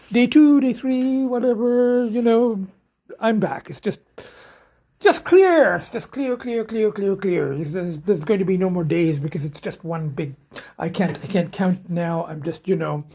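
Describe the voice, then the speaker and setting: A man talking casually to camera in a vlog, halting and trailing off, often dropping to a near whisper. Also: sits high, creaky, warm tone, slightly rough. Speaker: vlogger.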